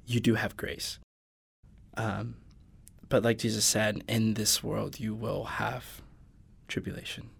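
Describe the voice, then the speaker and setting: A man's voice: lowish voice, flat delivery, takes it slowly, vocal fry, breathy edge. A man in a casual podcast conversation, earnestly quoting and unpacking scripture. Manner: earnest, quotes scripture at length. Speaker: podcast guest. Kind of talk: casual faith discussion.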